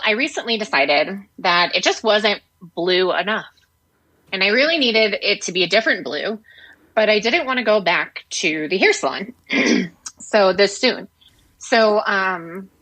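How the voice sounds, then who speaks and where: A woman with a bright, forceful voice tells her co-hosts a candid story about her week. She talks frankly and swears a little along the way. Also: mid-range voice, expressive, unhurried, low-quality recording. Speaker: podcast co-host. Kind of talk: casual chat.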